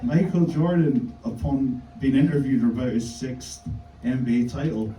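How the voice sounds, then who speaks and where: A man doing a stand-up set in a deadpan, halting way, full of fillers. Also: medium pitch, slight background noise. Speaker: stand-up comedian. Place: comedy club stage. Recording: echoey room mic, from a distance.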